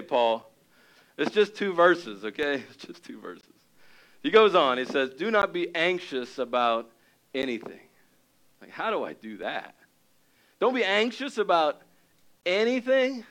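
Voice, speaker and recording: Animated high-voiced male preacher. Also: rough recording. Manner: animated, acts out scenes with raised excited voice. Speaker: pastor. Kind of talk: sermon.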